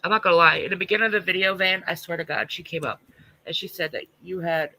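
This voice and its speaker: Gravelly, sharp-voiced congested man. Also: high voice, fast, rough recording. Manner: responds to viewer comments, blunt and profane. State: congested, stuffy nose. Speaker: livestream host. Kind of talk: casual livestream chat.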